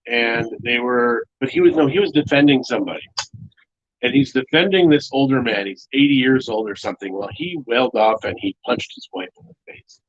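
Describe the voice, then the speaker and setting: A man's voice: medium pitch, muffled recording, a little hiss or hum. A middle-aged man co-hosting a casual chat show, telling stories in a joking, teasing way. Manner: joking storyteller. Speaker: co-host.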